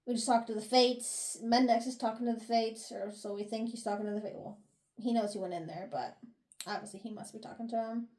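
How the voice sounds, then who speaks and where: High-voiced woman recapping a book. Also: brisk. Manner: animated recapping, swears and laughs. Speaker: book review podcast co-host. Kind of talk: casual chat.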